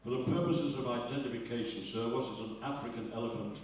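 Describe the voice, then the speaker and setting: A patient, formal police officer questions a witness politely, as an older comedian puts him on. The voice is a touch louder than the teller's own, heard from afar in a very echoey, dull-sounding hall. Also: male voice, mid-range voice, fast, a crowd in the background, close to an everyday voice. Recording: echoey, distant hall recording.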